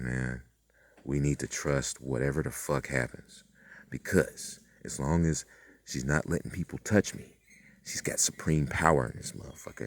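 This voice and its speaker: A man's voice: very deep voice, a little mellow. A man hosting his own channel, talking in a meandering, profane monologue full of fillers and acted-out quotes. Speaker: channel host. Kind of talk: rambling spiritual monologue.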